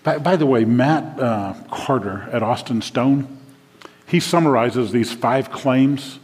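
A mellow, mid-range male voice delivers a sermon as pastor, taking his time and sometimes drifting into a loose, chatty tone before building to emphatic declarations. He speaks in a church sanctuary, and the recording carries the long reverb of a church hall.

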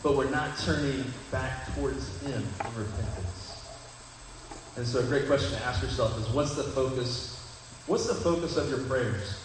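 A man's voice: medium pitch, moderate pace, background noise. A young man giving a sermon, speaking conversationally to the congregation and asking them questions. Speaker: pastor. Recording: echoey hall from far off.

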